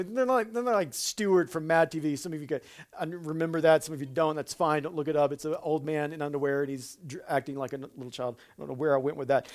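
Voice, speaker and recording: A man preaching a sermon who breaks into humorous asides, stumbles over his words and restarts, and turns slow and quiet for solemn points. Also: a little high.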